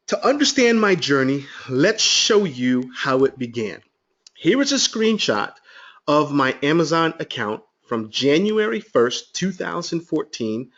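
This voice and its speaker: Excited man pitching a webinar. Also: muffled recording. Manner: excited, storytelling, addresses listeners as guys. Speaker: webinar presenter. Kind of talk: sales webinar talk.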